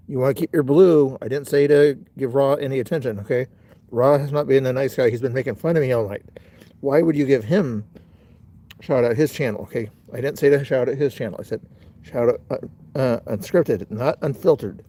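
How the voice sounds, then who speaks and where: A man's voice: medium pitch, warm tone. A middle-aged man hosting a casual livestream outdoors, rambling and talking straight to his chat. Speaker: livestream host.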